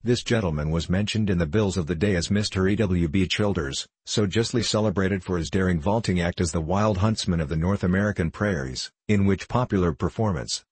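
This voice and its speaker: A man reading a classic novel aloud in measured, even narration. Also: low-pitched, husky, dry recording. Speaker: audiobook narrator. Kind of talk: scripted narration.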